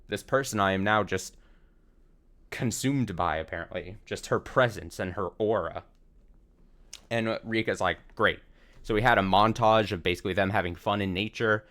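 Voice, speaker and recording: A man's voice: on the low side, normal speed, a bit bright. A man streaming a visual novel, recapping the story in a casual, rambling way with restarts and the odd swear. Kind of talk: casual let's-play commentary.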